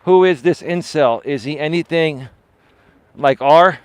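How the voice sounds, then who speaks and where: A man's voice: fairly high pitch, unhurried, smooth, dry recording. A man hosting a live coaching stream, talking in a dismissive, emphatic way, repeating words for stress and often asking "right?". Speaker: life and dating coach, live-stream host. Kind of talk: unscripted live-stream monologue.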